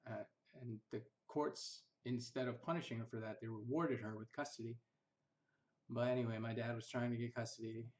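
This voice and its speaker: A man's voice: medium pitch, fairly even intonation, moderate pace, a little mellow. A young man casually recounting his past, rambling and bitter, sometimes mimicking others in a mocking tone. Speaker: vlogger recounting family history. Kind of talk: casual personal storytelling.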